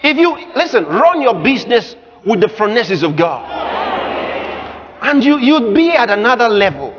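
A male pastor preaching a sermon, emphatic and often shouting, acting out the voices of the people he quotes. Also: extremely high pitch, big pitch swings, normal speed. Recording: muffled live recording with crowd and noise.

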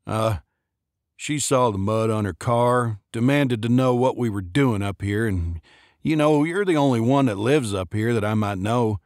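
A nervous young man, polite and eager to please, as a male narrator puts him on. He talks hesitantly, with a slightly raised, lighter pitch than the narration. The sound is dry and close. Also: a little slow, a little mellow, no room sound, natural voice. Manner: hesitant, deferential.

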